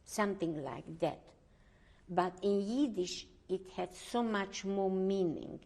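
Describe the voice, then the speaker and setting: Slow, halting older woman testifying. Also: mid-range voice, a little mellow. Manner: slow, searching for words, pauses and restarts. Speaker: Holocaust survivor interviewee. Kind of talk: oral history testimony.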